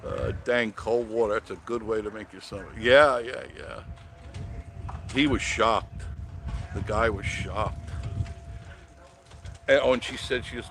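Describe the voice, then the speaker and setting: A man's voice: fairly low pitch, measured pace, pauses often, fairly bright tone, poor audio. A man hosting a casual live stream, telling rambling stories, chuckling and answering viewer comments. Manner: rambling storyteller, chuckles often. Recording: audible background noise.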